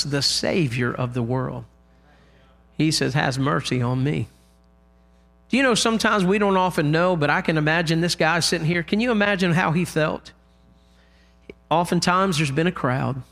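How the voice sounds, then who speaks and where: A man preaching a sermon in a church, impassioned, loudly crying out the lines he quotes. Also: on the high side, vocal fry.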